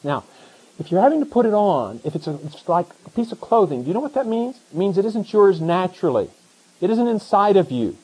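A middle-aged man preaching a sermon as pastor, animated, pushing up into emphatic questions. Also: a little high, breathy edge, low-quality recording.

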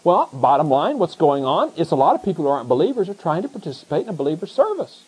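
A middle-aged man preaching a sermon as pastor, animated, pushing up into emphatic questions. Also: fairly high pitch, fast talker, husky, rough recording.

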